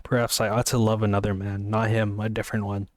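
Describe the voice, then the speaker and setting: A man voicing an emotional young woman in love, reading in an earnest, halting way from a novel. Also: fairly low pitch, little pitch movement, a little mellow, dry recording, close to an everyday voice. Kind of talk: amateur book reading.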